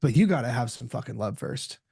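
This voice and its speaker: A man as a podcast guest, telling a candid story in an animated way and swearing freely. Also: medium pitch, a little fast, creaky, slightly rough, no room sound, clean studio sound. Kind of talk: candid casual conversation.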